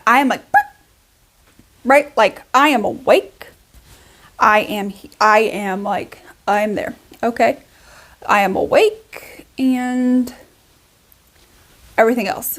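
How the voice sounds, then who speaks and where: A young woman with a somewhat high-pitched voice tells a long story in a casual, chatty way. She fills it with "like" and asides and keeps it animated as she does her makeup. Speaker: beauty vlogger.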